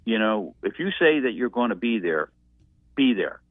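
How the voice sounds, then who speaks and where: A man's voice: on the low side, very animated, moderate pace, dry recording. Older New man on a phone line. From Massachusetts. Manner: rambling, reflective storytelling. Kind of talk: casual reminiscing. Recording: tinny dry phone line.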